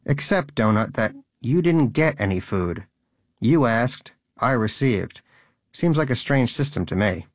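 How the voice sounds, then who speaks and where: A man's voice: medium pitch, expressive, unhurried, no echo, clean studio sound. A man voicing a cynical, smug male pet rodent in a cage, talking in a mocking, exasperated way.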